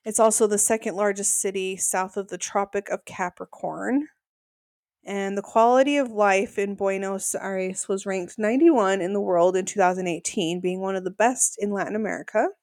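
A woman's voice: medium pitch, normal speed, no room sound, clean studio sound. A woman co-hosting a podcast, chatting casually and recapping episodes. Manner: chatty, acts out quotes in animated voices. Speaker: podcast co-host.

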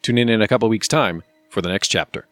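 Man narrating in a steady, measured voice. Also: on the low side, music in the background. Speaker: podcast host and book reader. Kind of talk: scripted narration reading a book aloud.

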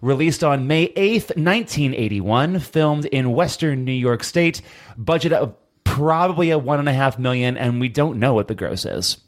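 A man's voice: medium pitch, animated, moderate pace. A man co-hosting a casual horror podcast, reading out film details with joking asides. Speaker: podcast co-host. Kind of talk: casual chat.

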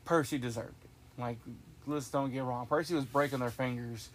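A man's voice: mid-range voice, steady tone, normal speed. A man hosting a podcast in casual chat, rambling and enthusiastic with lots of restarts. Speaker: podcast host.

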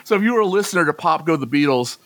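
A man's voice: on the high side, animated, very fast, no room sound. Dry-sounding male podcast host. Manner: enthusiastic, wondering aloud. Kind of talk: casual podcast chat.

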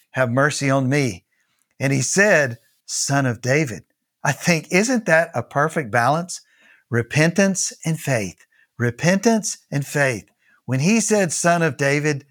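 A man with a Texan accent preaching an earnest devotional sermon as pastor, repeating key phrases. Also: fairly high pitch.

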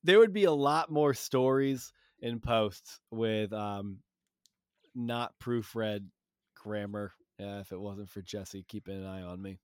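A man's voice: fairly low pitch, slow, smooth, no echo, clean studio sound. A man hosting a casual podcast chat, laughing often and blunt, with crude humor. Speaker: podcast host.

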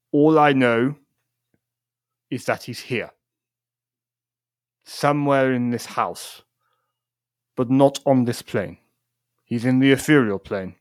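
Solemn santa claus with a welsh accent, measured warnings, a man doing the voice, dry close sound. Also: medium pitch, dry recording, natural voice. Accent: Welsh, put on.

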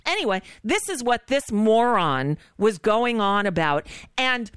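A woman hosting a political talk radio show, sarcastic and indignant, with quick asides. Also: on the high side, big pitch swings, fairly bright tone, clean tone, no room sound, clean studio sound.

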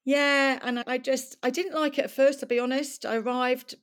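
A woman's voice: high voice, level tone, normal speed. A middle-aged woman from Wales, a podcast guest telling her life story in a chatty, candid way and laughing often. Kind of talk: conversational storytelling.

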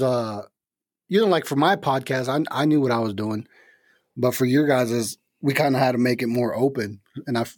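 A man's voice: medium pitch, a little mellow, no room sound, clean studio sound. Rambling man guesting on a podcast. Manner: rambling, with restarts. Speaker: podcast guest, beat producer. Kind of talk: casual podcast chat.

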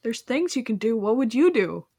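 A woman co-hosting a podcast, teasing the others with quick questions in casual chat. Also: on the high side, very animated, mellow, husky. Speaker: podcast co-host.

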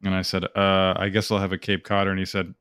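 A young man with a very low voice rambles through casual podcast banter, swearing and piling on fillers. His voice sounds dry and close, with no room around it. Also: monotone, fast, fairly bright tone, smooth, dry recording. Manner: rambling, profane storytelling with lots of fillers. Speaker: podcast co-host. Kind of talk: casual chat.

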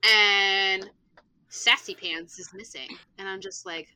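A young woman, a teacher, telling a classroom story in animated casual chat, swearing freely and acting out the voices. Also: mid-range voice, measured pace, clear, resonant tone, rough recording. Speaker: elementary school teacher and podcast player.

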